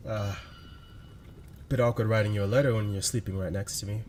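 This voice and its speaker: A man's voice: on the low side, steady tone, brisk, a little mellow, a little hiss or hum, lightly acted. A man reading a tender lover's farewell letter. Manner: tender and teasing. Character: devoted male lover writing a farewell letter.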